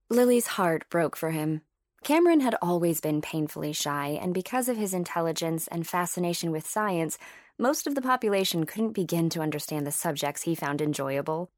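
A woman narrating an audiobook in an even, storytelling manner. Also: on the low side, moderate pace, dry recording, studio quality. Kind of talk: scripted narration.

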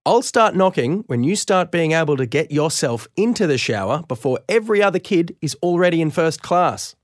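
Reading a storybook aloud, a man voices a harried, short-tempered mother scolding her son in a raised, exasperated voice. He pitches a little high, above his own voice yet close to everyday speech, expressive at a moderate pace. The recording is dry and studio quality.

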